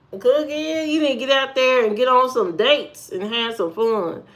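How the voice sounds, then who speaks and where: A woman's voice: a little high, normal speed, hardly any pauses, fairly bright tone. Sassy, rambling woman livestreamer. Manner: playful, sassy, rambling banter with viewers. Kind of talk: casual livestream chat.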